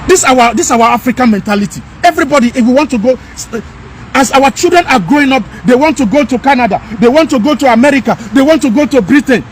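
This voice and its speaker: A man's voice: very high voice, lively intonation, fast, slight background noise. A man delivering an emphatic, repetitive, scolding rant as a commentator. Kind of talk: impassioned rant.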